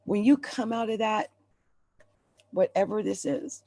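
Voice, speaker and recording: A woman's voice: mid-range voice, a little slow, mellow, a little hiss or hum. A woman reading tarot cards on a live stream. She talks to viewers in an emphatic, urgent, encouraging way and is at times close to tears. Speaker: astrologer and tarot reader.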